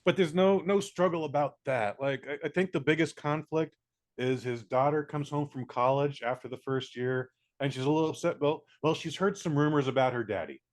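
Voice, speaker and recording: A man giving a casual spoken movie review, blunt and profane, acting out scenes in quick little voices. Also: a little high. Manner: blunt, profane, animated, mimics characters.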